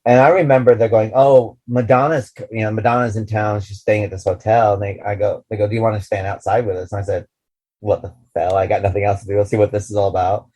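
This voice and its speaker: A man's voice: lowish voice, little pitch movement, fast, a little mellow, low-quality recording. A man co-hosting a podcast, telling rambling anecdotes in casual chat with many restarts and fillers. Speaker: podcast co-host.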